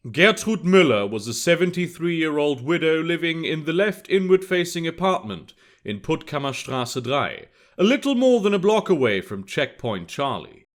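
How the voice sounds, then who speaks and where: A man narrates an alternate-history spy story in a steady, matter-of-fact way. His voice is fairly high for a man, and the reading is scripted and even. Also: moderate pace, hardly any pauses.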